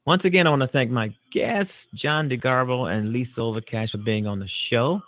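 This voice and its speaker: Earnest rambling talk show host, tinny. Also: male voice, medium pitch, fairly quick, dry recording. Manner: rambling, earnest, with many repeats and fillers. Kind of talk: closing monologue of a call-in show. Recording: dry, tinny phone-like audio.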